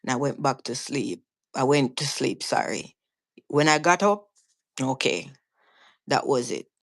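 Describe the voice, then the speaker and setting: A woman's voice: a bass voice, animated, measured pace. A woman with a Jamaican accent, a guest telling her own story in casual talk, earnest and vivid, often restarting and repeating words. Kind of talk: casual storytelling on a live stream.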